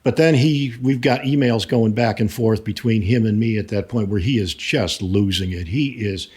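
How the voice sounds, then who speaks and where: A man, a lawyer being interviewed, recounting events in an emphatic, animated way with frequent restarts. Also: on the low side, normal speed, few pauses, slightly rough.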